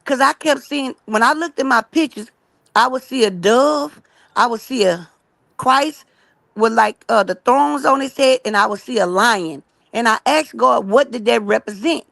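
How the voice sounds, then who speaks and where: A woman giving a rambling, earnest religious testimony, talking fast and emphatic and keeping listeners in with "right?" and "y'all". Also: fairly high pitch, vocal fry, a bit bright, no echo. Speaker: guest telling her story.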